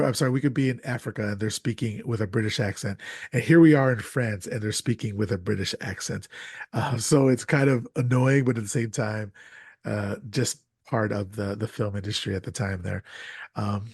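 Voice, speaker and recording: A podcast host talking about a film in a casual, animated way, with many restarts and wry asides. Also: male voice, medium pitch, husky, no room sound, clean studio sound.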